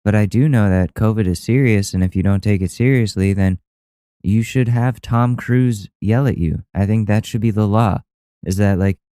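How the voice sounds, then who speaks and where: A man hosting a podcast, reacting to online clips in a loose, mocking way with plenty of swearing and laughter. His voice sits low and mellow, smooth in tone, recorded dry and close. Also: normal speed, no room sound. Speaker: podcast host. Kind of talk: casual commentary on viral clips.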